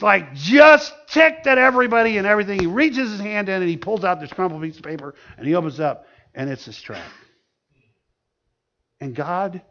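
A man preaching a sermon as pastor, telling a story in an animated way with laughter in it. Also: high voice. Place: church. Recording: dull lo-fi sound.

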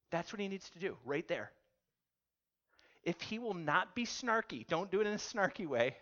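A man preaching a sermon, telling a story with animated delivery and putting questions to his audience. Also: sits high, normal speed, pauses often, highs cut off. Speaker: pastor.

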